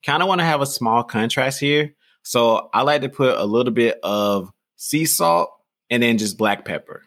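A man's voice: mid-range voice, animated, normal speed, fairly bright tone. Southern American man hosting a cooking show. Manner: laughs often, easygoing, drawling. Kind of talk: cooking demonstration with chat.

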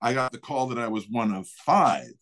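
A middle-aged man casually telling a story in conversation, animated and laughing often. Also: mid-range voice, moderate pace. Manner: animated, acts out others' voices, laughs often. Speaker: guest storyteller.

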